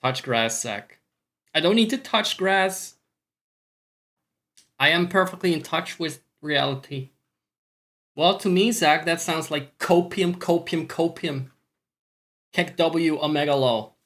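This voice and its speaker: A man's voice: on the high side, animated, a little slow, long pauses, a bit bright. A Scottish man chatting casually on a stream, rambling, swearing often and talking to himself.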